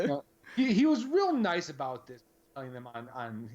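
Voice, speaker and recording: A man's voice: on the high side, sing-song, moderate pace, highs cut off. A man co-hosting a live stream, talking in a rambling, casual way with plenty of fillers. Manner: rambling, conversational, lots of fillers. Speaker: podcast co-host.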